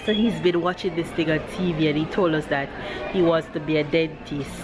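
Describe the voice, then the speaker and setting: A Jamaican-accented woman in her thirties vlogs to camera inside a busy store, talking casually but emotionally, teary and crying at times. Her voice is deep, fairly even in intonation, and fairly quick.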